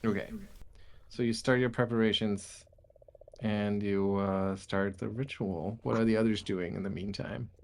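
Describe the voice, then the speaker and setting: A man narrating a tabletop game as game master, in halting, descriptive narration. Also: on the low side, steady tone, creaky, darkish tone.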